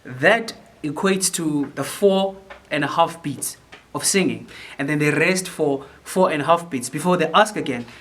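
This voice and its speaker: Man, choir conductor, instructive rehearsal talk, repeats words, somewhat high voice. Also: animated, moderate pace, fairly bright tone. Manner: explains then sings phrases to demonstrate; repeats words while thinking, many fillers. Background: piano.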